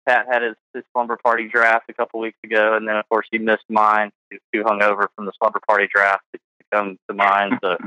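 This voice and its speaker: A man's voice: fairly low pitch, monotone, fast, pushed and bright, dry recording, poor audio. A man hosting a podcast in casual chat, rambling with lots of fillers. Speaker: podcast host.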